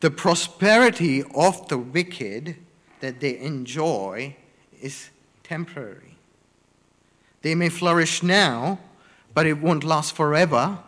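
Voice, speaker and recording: A man preaching a sermon, slow and deliberate, stressing words one by one in emphatic lists. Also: on the high side, lively intonation, fairly bright tone, in a large hall.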